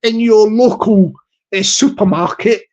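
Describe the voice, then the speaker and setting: Rambling man with a high-pitched voice. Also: a little slow, darkish tone, highs cut off. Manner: rambling, with many restarts and laughs. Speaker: podcast host. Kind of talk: motivational talk.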